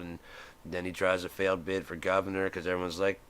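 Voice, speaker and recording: A man's voice: low-pitched, flat delivery, fairly quick, fairly bright tone, clear, resonant tone. A man, middle-aged, hosting a live stream and ranting in a heated, profane way, acting out the voices he quotes. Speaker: host.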